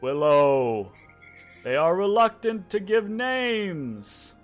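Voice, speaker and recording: A man voicing an ancient talking tree with a slow, grand, booming voice. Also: big pitch swings, faint music behind, exaggerated voice.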